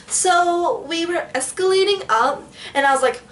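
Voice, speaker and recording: A young woman telling a story in a casual vlog, animated and sassy, acting out what people said. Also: high-pitched, moderate pace, few pauses, distant mic, a little hiss or hum. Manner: animated, sassy, dramatic retelling with quoted asides. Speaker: vlogger.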